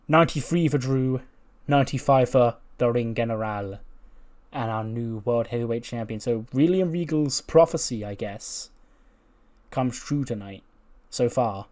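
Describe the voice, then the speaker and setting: A man talks through a wrestling simulation game in casual, unscripted commentary. He is blunt, swears freely and grows excited as he recaps the action. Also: medium pitch, measured pace. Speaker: game channel host.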